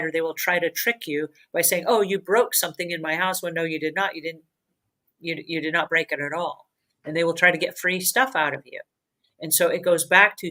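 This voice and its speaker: A woman hosts a cleaning advice show in an earnest, conversational way. Her voice is bright and a little sharp, and she hammers her points home with repetition and emphasis. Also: lowish voice, poor audio.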